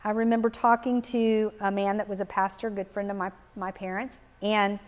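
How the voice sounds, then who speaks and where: A middle-aged woman, giving a gentle, reflective talk on grief, pausing often and repeating key phrases. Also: mid-range voice, flat delivery. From Texas. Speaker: speaker on grief. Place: live talk in a community setting.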